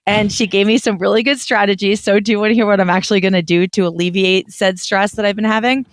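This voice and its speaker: A young adult woman chatting as a podcast co-host, rambling along with false starts and a touch of nerves. Her voice sits at a middle pitch. The sound is close and dry. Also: steady tone, fast talker, dry recording. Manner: chatty, nervous, rambling with restarts. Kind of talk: casual chat.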